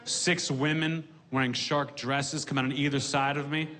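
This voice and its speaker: A man performing a stand-up comedy set in a deadpan way, delivering dark punchlines dryly on a comedy stage with audience laughter behind him. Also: fairly high pitch, normal speed, slight background noise.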